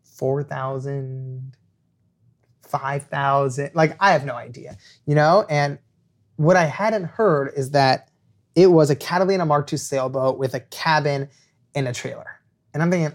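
A young man, a podcast guest and author, telling an animated anecdote and acting out quoted lines. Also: a little high, a little slow. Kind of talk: storytelling anecdote.

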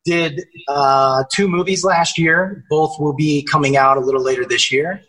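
A man's voice: a little high, steady tone, normal speed, sharp tone, low-quality recording. A young man guesting on a podcast, chatting casually and energetically, swearing and using lots of fillers. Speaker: actor guest.

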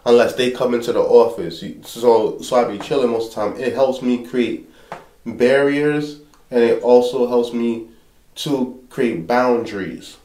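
Male pastor-host, mid pitch, lively storyteller, roomy sound. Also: a little slow. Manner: animated storyteller, acts out quoted people. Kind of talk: casual conversation.

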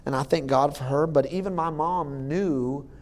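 Pastor with a slightly high voice. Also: male voice, darkish tone. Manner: jokey, laughs often at his own jokes; halting, with many fillers and restarts. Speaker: lead pastor. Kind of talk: sermon.

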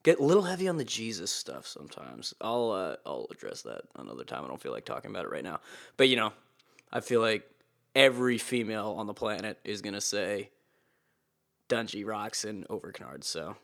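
A man's voice: lowish voice, sing-song, brisk, creaky, a bit bright. A man from Boston hosting a casual solo podcast, rambling and swearing with a sarcastic edge. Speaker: podcast host.

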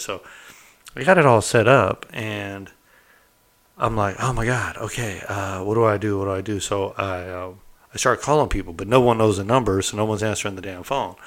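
A middle-aged man with a low voice spins a personal story in a loose, candid way. He keeps checking in with his listener and drops the odd curse word. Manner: candid and animated, peppered with "right?" and mild cursing. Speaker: storyteller recounting prison life. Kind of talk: casual anecdotal storytelling.

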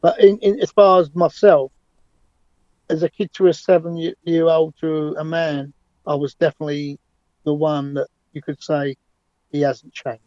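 A man's voice: a little high, level tone, moderate pace, a little mellow, no room sound, highs cut off. Confident man in his sixties. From England. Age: 60s. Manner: confident, emphatic, rambling with restarts. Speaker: interview guest, London cab driver. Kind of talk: remote interview, conversational storytelling.

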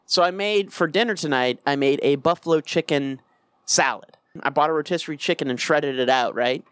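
A man's voice: fairly high pitch, moderate pace, long pauses, fairly bright tone, clean tone. A man co-hosting a podcast in casual, profane, joking chat, acting out quoted lines. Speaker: podcast co-host.

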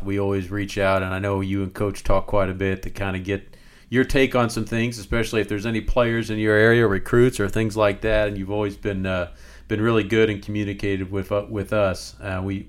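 Low-voiced male interview host. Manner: friendly, filler-heavy questioning. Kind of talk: casual interview.

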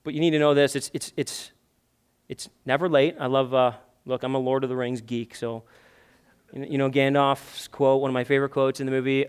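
A man in his thirties with a high voice preaches a sermon in a church. He talks with a lot of energy and acts out desperate prayers in a raised, pleading voice. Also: steady tone, brisk, clean tone. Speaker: pastor. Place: church sanctuary.

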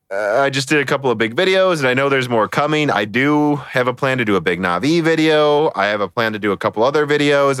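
A man's voice: medium pitch, fairly bright tone, no room sound, studio quality. A man hosting a casual hardware podcast, chatty and joking, often laughing between words. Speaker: podcast host.

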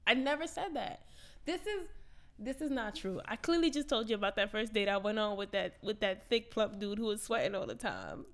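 A woman's voice: mid-range voice, brisk. A woman co-hosting a casual podcast chat, telling stories with laughter and acted-out quotes. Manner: laughing, expressive storytelling with quoted voices. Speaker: podcast co-host.

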